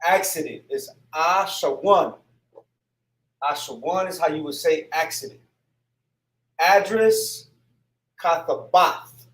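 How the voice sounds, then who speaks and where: Slow-talking man in an echoey room. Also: fairly high pitch, a bit bright. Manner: slow and repetitive, sounds out syllables, often asks "right?". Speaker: teacher going over a word list. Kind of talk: casual spoken lesson.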